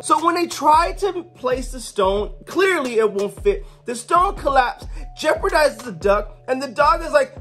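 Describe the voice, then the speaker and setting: A comic reviewer talks through a story in a relaxed, chatty way, stumbling and restarting as ideas come. Faint music plays underneath. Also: medium pitch, normal speed. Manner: loose, conversational retelling with restarts. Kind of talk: casual comic book recap with quoted character voices.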